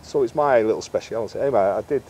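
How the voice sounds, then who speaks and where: In a relaxed storytelling interview, a middle-aged guest who fishes for carp and makes bait speaks very fast in a fairly low, slightly mellow voice. He spins anecdotes conversationally, voicing the lines of the people in them, with a little hiss or hum in the audio.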